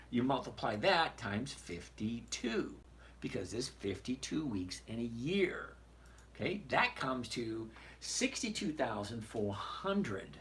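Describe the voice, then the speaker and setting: A man's voice: mid-range voice, a bit bright, slight background noise. A man hosting a live trading stream, reading viewer questions aloud and bluntly talking through numbers on his screen. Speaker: trading show host answering viewer questions. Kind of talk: casual live stream chat.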